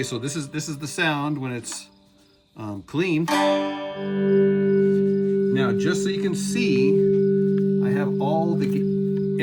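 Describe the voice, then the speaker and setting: A man casually showing off a homemade cigar box guitar, chatty and rambling, often restarting his sentences. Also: medium pitch. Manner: chatty, rambling, self-correcting. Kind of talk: casual workshop demonstration. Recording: guitar music playing behind.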